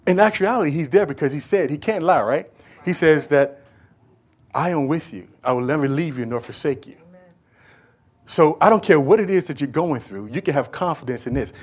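Preaching man with a fairly high voice. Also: lively intonation, a little fast, husky. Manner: dramatic preaching, swings from hushed to loud and back; acts out dialogue with Bible figures. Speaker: pastor. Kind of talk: sermon.

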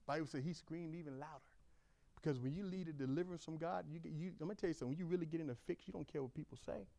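A man's voice: on the high side, racing, creaky, no room sound. Fervent preaching man, dry close sound. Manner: conversational preaching, reads scripture aloud, rises to loud fervent calls. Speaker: pastor. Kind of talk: sermon.

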